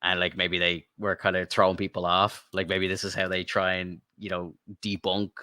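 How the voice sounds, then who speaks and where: A man co-hosting a podcast, chatting casually and excitedly, swearing and rambling like a fan. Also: low-pitched, moderate pace, no echo, studio quality. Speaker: podcast co-host. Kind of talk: casual chat.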